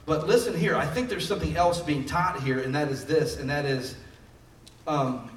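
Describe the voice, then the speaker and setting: A pastor with a voice on the high side preaches at a moderate pace, sounding distant and off mic in an echoey room. His sermon is conversational, building emphasis on key phrases.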